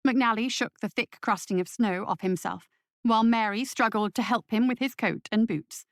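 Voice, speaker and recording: A woman reading a story aloud in a measured, clear voice. Her pitch sits in the middle, with a dry, close sound and no room echo. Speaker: audiobook narrator. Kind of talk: scripted story narration.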